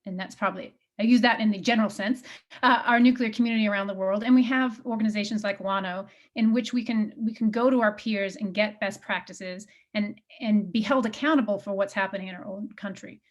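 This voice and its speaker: Woman panelist, halting speech. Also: mid-range voice, steady tone. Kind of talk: panel discussion.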